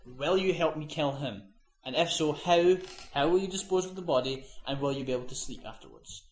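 A man at an ordinary pitch, hosting a loose comedy podcast and retelling a film scene by scene. He rambles, restarts, and drops his voice low for the quoted lines. The room around him is echoey. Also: a little fast. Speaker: podcast host.

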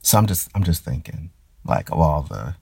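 Deep gravelly man, halting and reflective. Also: very animated, darkish tone, no echo. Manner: hesitant, restarts and stammers. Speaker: performer. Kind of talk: reflective personal monologue.

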